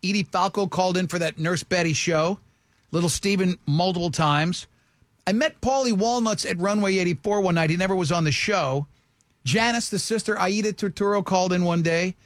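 A man in his sixties hosting a radio show, telling stories in an animated, excitable way. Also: high-pitched, fairly quick, dry recording, studio quality. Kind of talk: casual chat. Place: radio studio.

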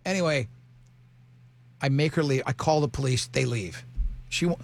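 Gravelly man telling stories on radio. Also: mid-range voice, normal speed. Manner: storytelling, animated and joking. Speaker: radio show host. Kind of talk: morning radio banter.

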